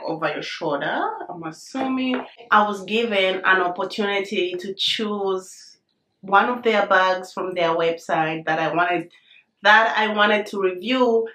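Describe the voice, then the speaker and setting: A woman hosting a casual unboxing vlog, excited and chatty, often saying "you guys", her voice a little hoarse from a cold. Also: medium pitch, echoey room. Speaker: vlogger reviewing a handbag.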